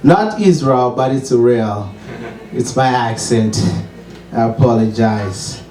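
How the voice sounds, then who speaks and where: A man's voice: mid-range voice, slow pace, warm tone. A man from Zimbabwe with a Zimbabwean accent, doing a wry, self-mocking stand-up set and chuckling at his own jokes. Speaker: stand-up comedian. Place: small comedy open mic venue. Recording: echoey room, distant mic.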